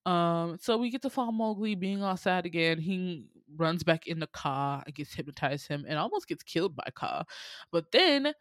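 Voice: mid-range voice, lively intonation, moderate pace, a bit bright, no echo. Brief: chatty host recapping a cartoon plot, slangy, filler-heavy, dry close sound. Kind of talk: casual plot retelling.

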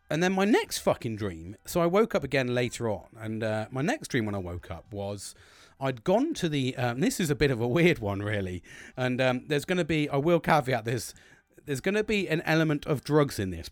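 A man's voice: mid-range voice, no echo. A British man casually telling a long story about his dreams, swearing constantly and laughing as he goes. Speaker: host recounting his dreams.

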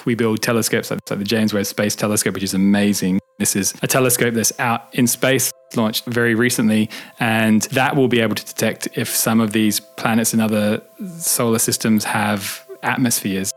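A man, an astronomer, patiently explaining science in plain words, with a light touch of humour. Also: fairly low pitch. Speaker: astronomer answering kids' questions. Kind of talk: relaxed explanatory interview talk.

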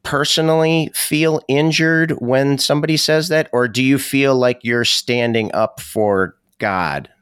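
A man's voice: mid-range voice, steady tone, a little slow, few pauses, fairly bright tone, smooth, dry recording, clean studio sound. A man co-hosting a casual podcast, asking careful, curious questions in an apologetic tone. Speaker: podcast co-host.

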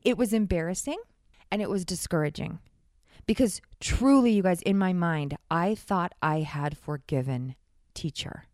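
A woman's voice: lowish voice, moderate pace, no room sound. Candid young woman telling her own story, wry, with a dry recording. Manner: candid, animated, wry, acts out quoted voices. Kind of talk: personal storytelling monologue.

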